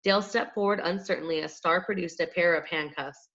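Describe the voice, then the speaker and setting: A woman reads a storybook aloud in a plain, steady way, her voice on the low side. The recording is dull and lo-fi. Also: a little fast, few pauses. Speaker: audiobook reader. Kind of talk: storybook read-aloud narration.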